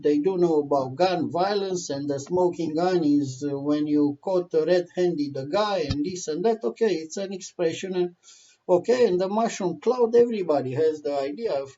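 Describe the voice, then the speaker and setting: A man's voice: on the high side, mellow. A man giving heated political commentary in a vlog, impassioned, swearing, with non-native English phrasing. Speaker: vlogger. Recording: dull lo-fi recording.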